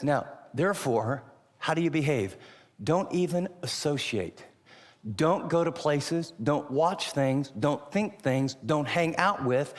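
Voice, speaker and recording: Emphatic male preacher in a reverberant hall. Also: fairly high pitch. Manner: emphatic, rhetorical questions, shifts between loud and hushed. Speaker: pastor. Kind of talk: sermon.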